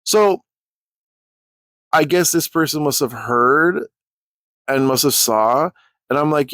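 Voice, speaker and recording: A man's voice: a little high, lively intonation, slow pace, long pauses, a bit bright, no echo. A man telling a rambling, profane storytime rant as a YouTuber.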